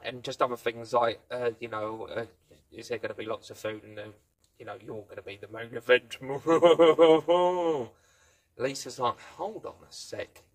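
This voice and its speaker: A man's voice: medium pitch, fairly even intonation, a little slow. A man giving a casual spoken review, rambling through the plot and playfully acting out quoted lines. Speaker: film and TV reviewer.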